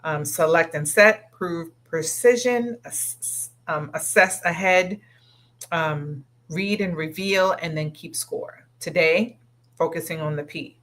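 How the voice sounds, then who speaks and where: Slow, earnest woman coaching podcast host. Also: lowish voice, a bit bright. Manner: earnest, often asks "right?" and backtracks. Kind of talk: solo podcast coaching talk.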